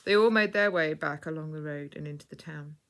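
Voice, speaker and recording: A woman reading a children's story aloud in clear, measured scripted narration. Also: low voice.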